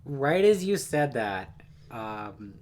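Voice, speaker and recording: A woman's voice: very deep voice, very animated, slow, darkish tone. A woman co-hosting a game stream, teasing the player and relaying viewer chat in a dry, casual way.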